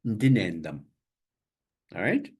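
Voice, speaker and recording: An older man teaching a language class over a video call, saying each word slowly several times and spelling it out letter by letter. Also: on the low side, wildly swooping pitch, darkish tone, breathy edge. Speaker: language instructor. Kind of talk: online language lesson.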